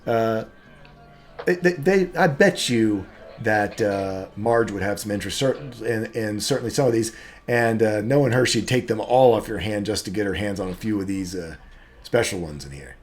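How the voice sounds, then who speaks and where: A man voicing a kind human father and trader in a tabletop game, speaking in a gentle, soothing way. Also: lowish voice, normal speed, lightly acted. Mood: friendly.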